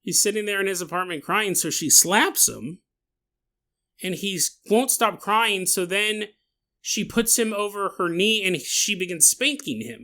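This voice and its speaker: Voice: mid-range voice, unhurried, sharp tone. A podcast host telling a story casually, laughing often and breaking into mock outrage and silly voices for the people in it. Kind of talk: casual storytelling with comic asides.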